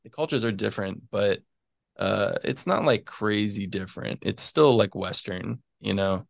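A man in his twenties, a physics PhD student, chats casually as an interview guest, rambling with plenty of fillers and little chuckles between phrases. His voice is lowish and fairly bright with some vocal fry, at a normal speed. The recording is studio quality with no room sound.

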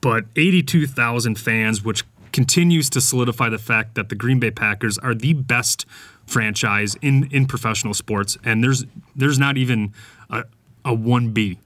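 A man's voice: mid-range voice, moderate pace, fairly bright tone, dry recording. A man hosting a sports podcast, giving casual, opinionated commentary with lots of fillers and restarts. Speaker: podcast host.

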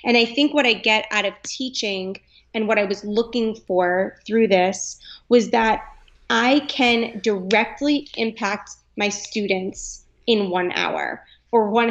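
A woman's voice: on the high side, dull audio. Chatty young woman yoga teacher. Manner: earnest, chatty, lots of "like". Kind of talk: podcast interview chat.

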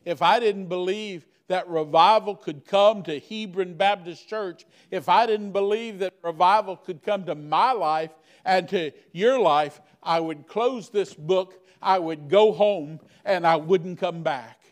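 A man's voice: high voice, a little slow, few pauses. A man preaching a sermon as pastor, building intensity through repeated rhetorical questions.

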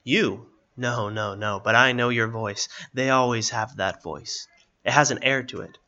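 A man voicing a blind, coughing old hermit with a raspy, muttering voice. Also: mid-range voice, a little slow, bright, forceful tone, muffled recording. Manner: muttering, wheezy.

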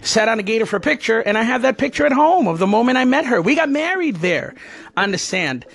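High-voiced man rambling through a story. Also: very animated, quick pace, vocal fry, fairly bright tone, no room sound. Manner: rambling, digressive. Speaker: former alligator wrestler. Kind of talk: casual personal storytelling.

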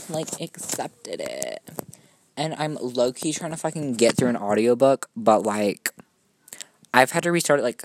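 A man's voice: mid-range voice, dry recording. Young man with a gushing valley-girl drawl. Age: young adult student. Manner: gushing valley-girl drawl, constant "like" and "oh my god", casual swearing; scattered, self-mocking, jumps between topics. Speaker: podcast host. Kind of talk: rambling solo podcast monologue.

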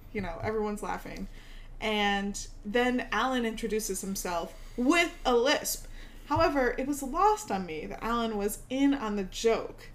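A woman co-hosting a casual chat, talking in a lively way and laughing often. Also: on the high side, takes it slowly. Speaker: podcast co-host.

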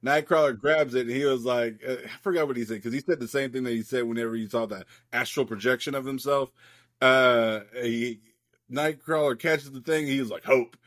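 A man's voice: medium pitch, fairly quick, fairly bright tone, dry recording, studio quality. A man co-hosting a podcast, casually recapping a comic book in a loose, rambling way, swearing freely and leaning on lots of fillers. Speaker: podcast co-host.

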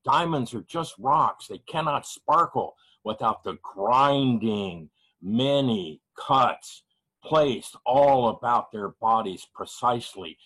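A man reading his own poetry slowly and heavily at an online open mic, grieving and measured. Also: mid-range voice, fairly bright tone, husky, poor audio. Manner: measured, heavy pauses, grieving. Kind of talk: slow spoken-word poetry reading.

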